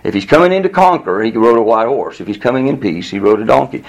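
A man preaching a Bible teaching in a conversational, animated way, often chuckling and repeating words as he goes. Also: mid-range voice, fast talker, gravelly. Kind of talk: sermon teaching.

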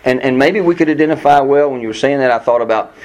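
A man's voice: quick pace, poor audio. Earnest man teaching scripture. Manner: earnest, emphatic, rises in pitch on quoted pleas. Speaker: Bible teacher. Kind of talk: verse-by-verse Bible teaching.

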